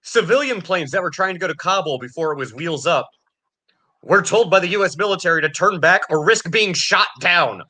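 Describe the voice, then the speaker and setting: A man's voice: high-pitched, lively intonation, brisk, bright, forceful tone. A man ranting angrily and sarcastically about politics, swearing constantly. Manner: angry, profane, sarcastic ranting. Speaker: podcast co-host.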